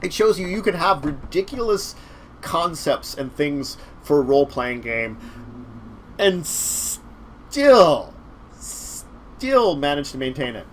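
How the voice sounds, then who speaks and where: A man's voice: on the high side, big pitch swings, slight background noise. A man hosting a casual talk show, rambling through a game master's recap with frequent restarts. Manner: rambling, halting with fillers and restarts. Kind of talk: casual chat recapping games.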